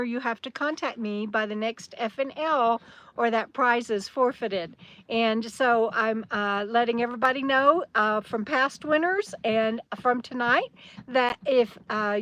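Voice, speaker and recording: A woman with a drawl chats casually to her livestream viewers, reading their comments aloud. Her voice is high and bright. The sound is dry and close, picked up by a phone on a tripod. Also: a little slow, dry recording. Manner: chatty, reads viewer comments aloud, talks to her dog. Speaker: livestream host. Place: camper at a campground.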